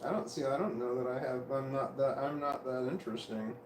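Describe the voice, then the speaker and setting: Speaking a little fast at medium pitch, a middle-aged vlogger rambles through casual self-talk on a livestream from home, where a fan runs. The sound is reverberant and very noisy; he meanders, corrects himself, chuckles, and keeps coughing.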